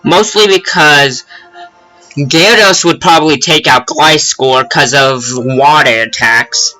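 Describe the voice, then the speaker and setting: Male gamer, casual rambling commentary, jokey, bright tone, music behind. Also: on the high side, takes it slowly, poor audio. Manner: jokey, rambling, laughs at himself. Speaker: let's play gamer.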